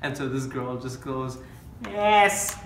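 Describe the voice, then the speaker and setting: A young man tells a school story to his friends from some distance away from the mic. The room echoes and there is clear background noise. His talk is loose and casual. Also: mid-range voice, steady tone, brisk. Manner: casual, laughing, uses "like".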